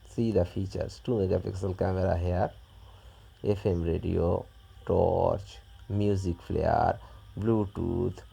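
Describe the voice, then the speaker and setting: A man narrating an unboxing step by step in a halting, plain way. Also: low-pitched, gravelly, mellow, slightly rough. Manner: halting, plain, describes each step as he does it. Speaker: unboxing vlogger.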